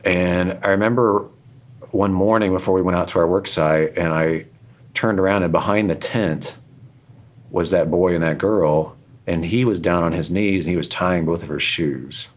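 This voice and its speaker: A man's voice: deep voice, normal speed. A man being interviewed, telling candid personal stories in an earnest, self-deprecating, rambling way, emotional at times. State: emotional, choked up in places. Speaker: interview guest, author and radio host.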